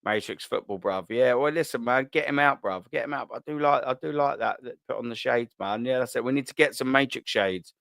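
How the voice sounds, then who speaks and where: A man's voice: medium pitch, brisk, gravelly, hardly any pauses, fairly bright tone, no room sound. Slangy London-accented man chatting live. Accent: London English. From England. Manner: laid-back banter full of slang, laughs easily. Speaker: live stream host. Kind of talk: casual live chat reading comments.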